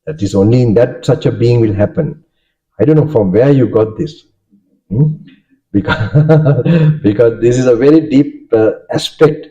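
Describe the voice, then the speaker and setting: Man, Sri Lankan accent, Buddhist monk teaching, questioning manner, deep mellow tone, dull lo-fi sound. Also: unhurried. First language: Sinhala. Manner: checks understanding with frequent "okay?" and "right?". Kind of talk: dharma talk with questions to listeners. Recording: dull lo-fi recording.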